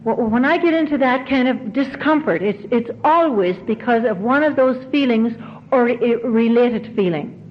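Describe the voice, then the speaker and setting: A woman's voice: fairly high pitch, lively intonation, moderate pace. Earnest woman on dull old tape. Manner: earnest, repeats phrases for emphasis. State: emotional. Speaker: recovery convention speaker. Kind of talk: heartfelt recovery talk to an audience. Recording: dull 1990s tape, faint hiss.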